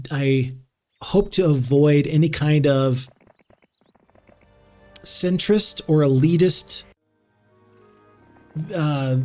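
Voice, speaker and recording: A man's voice: a little high, darkish tone. A man streaming a strategy game, chatting loosely with viewers and reading their messages aloud, with many fillers and restarts. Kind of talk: casual gameplay stream chat.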